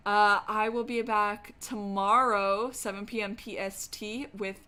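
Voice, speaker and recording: A woman streamer reading a game's narration aloud and chatting expressively and excitably, swearing casually. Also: medium pitch, slow pace, hardly any pauses, smooth.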